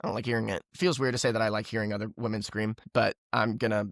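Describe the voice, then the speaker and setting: A man's voice: on the low side, level tone, quick pace, vocal fry, no room sound, studio quality. A man co-hosting a movie podcast, rambling in a casual chat and laughing often. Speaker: podcast co-host.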